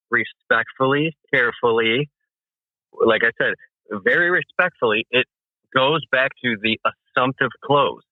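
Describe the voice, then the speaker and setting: A man's voice: mid-range voice, dry recording. Confident guy coaching on sales over the phone, tinny dry line. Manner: confident, emphatic, acts out customer talk. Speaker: guest landscaping business coach. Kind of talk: phone interview, sales advice. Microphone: phone call.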